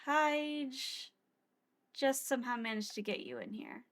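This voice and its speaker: A woman's voice: on the high side, very animated, measured pace. A woman voicing a mysterious non-human shopkeeper who teases yet looks out for the hero, dry and bossy. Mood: calm. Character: mysterious non-human woman bound to a shop, teasing but caring.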